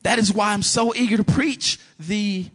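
A man's voice: high-pitched, normal speed. A man preaching a sermon and telling a personal story, acting out the dialogue as he goes. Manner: animated storytelling, acts out dialogue.

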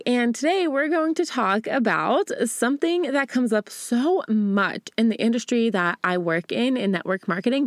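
A woman's voice: medium pitch, dry recording, clean studio sound. A young woman hosting a motivational solo podcast, chatty and upbeat, talking straight to the listener as "girl" and often tagging "right?" onto her points. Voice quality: casual slang, "stoked", "hella". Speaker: podcast host.

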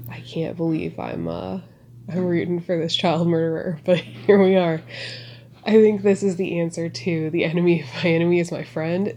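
A woman talking casually as a podcast host, reacting excitedly and sarcastically to a movie with lots of swearing. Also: on the low side, a little hiss or hum.

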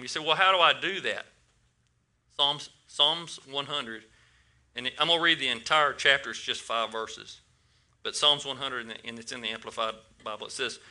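A man's voice: medium pitch, sharp tone. A man preaching a casual sermon to a congregation, asking them questions and often repeating his words.

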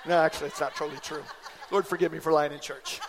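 A man in his forties preaching a sermon in church, an animated storyteller who acts out the voices in his anecdotes. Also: on the high side, fast, long reverb tail, noisy background. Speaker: pastor. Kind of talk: sermon with personal stories. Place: church sanctuary.

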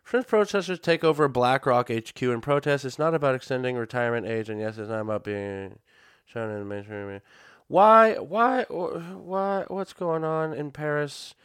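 A man's voice: mid-range voice, brisk, clear, resonant tone, no room sound, clean studio sound. A man hosting his own podcast, talking casually and sarcastically in a rambling way, with sudden silly outbursts. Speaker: podcast host. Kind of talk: casual solo commentary.

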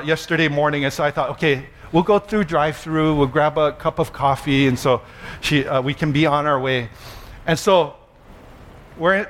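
A man pastor, preaching a sermon with animated storytelling, self-deprecating humor and slow emphatic repetition. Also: a little high.

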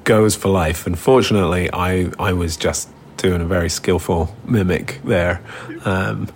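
A man co-hosting a chat podcast, chuckling often and explaining facts in a relaxed way. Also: low-pitched, measured pace, a little hiss or hum. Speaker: podcast co-host. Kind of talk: casual chat.

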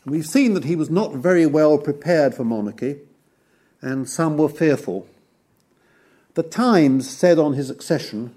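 A man giving a formal history lecture, measured and wry, listing details one by one. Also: on the high side, mellow.

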